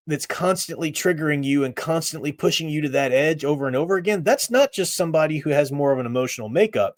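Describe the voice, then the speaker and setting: A man's voice: a little high, lively intonation, brisk, no room sound, clean studio sound. A middle-aged man hosting a live stream, giving his blunt opinions in casual chat and laughing at his own remarks.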